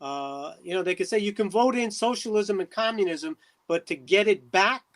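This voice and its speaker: A middle-aged man from New Jersey, a mayor as a talk show guest, speaking emphatically with many pauses and fillers. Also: high voice. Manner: emphatic, preachy, trailing off with many uh's. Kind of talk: casual interview talk.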